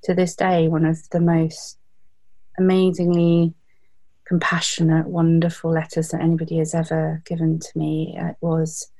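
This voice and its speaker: British woman, 30s, interview guest; warm, darker tone, heartfelt and reflective. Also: low-pitched, monotone, normal speed. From Britain. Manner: reflective, heartfelt, with frequent fillers. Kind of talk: candid interview storytelling.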